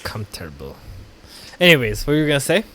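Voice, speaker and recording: A man's voice: medium pitch, huge pitch swings, fast talker, fairly bright tone. A man co-hosting a casual podcast, joking around, laughing and tripping over his words. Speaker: podcast co-host. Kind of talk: casual chat. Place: California.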